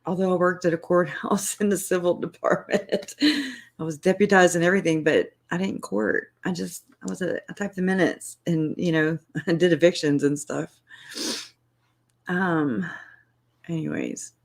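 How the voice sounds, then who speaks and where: Close to tears, a woman hosting a casual YouTube livestream speaks at a moderate pace in a fairly low voice. Her talk rambles and restarts, with laughter slipping in between phrases.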